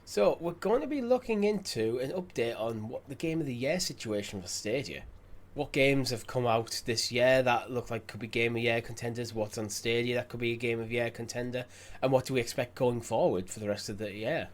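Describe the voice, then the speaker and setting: A man's voice: mid-range voice, a little fast. A man co-hosting a casual podcast, rambling and repeating himself as he thinks, recorded over a remote call. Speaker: podcast co-host. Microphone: remote call mic.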